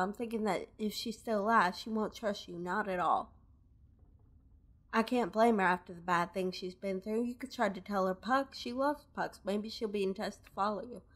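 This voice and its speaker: A woman's voice: medium pitch, breathy edge, natural voice. Weepy Southern shopkeeper lady from a game, read live by a woman player, dramatic and plaintive. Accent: put-on Southern US. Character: tearful robbed female wasteland shopkeeper. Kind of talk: live dub of game dialogue.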